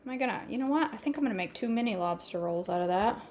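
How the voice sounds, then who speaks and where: A woman's voice: on the high side, expressive, rapid-fire, darkish tone, slight background noise. A woman hosting a casual cooking vlog from her home kitchen, chatty, folksy and joking. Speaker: vlog host.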